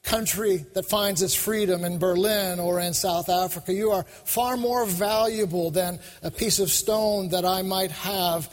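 Male preacher, high voice, fervent and repetitive sermon, long hall reverb. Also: steady tone, a little slow, few pauses, faint music behind. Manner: fervent, repetitive, talks to the crowd. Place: large venue with a crowd.

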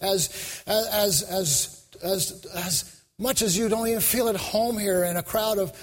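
High-voiced preacher in a big hall. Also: male voice, takes it slowly. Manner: fervent, repetitive, talks to the crowd. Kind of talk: sermon. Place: large venue with a crowd. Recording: long hall reverb.

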